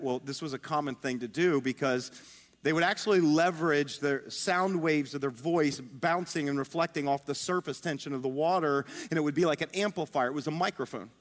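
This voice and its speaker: A male pastor with a fairly high voice preaches a sermon, telling a story in a chatty, animated way. His voice rings out with long hall reverb, as in a large sanctuary.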